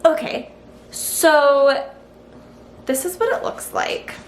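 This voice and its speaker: A woman's voice: sits high, animated, slow. Chatty woman in an echoey kitchen. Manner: chatty, frank, thinking aloud. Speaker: cooking vlogger. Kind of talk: casual recipe-testing vlog. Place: home kitchen. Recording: roomy kitchen echo, faint hiss.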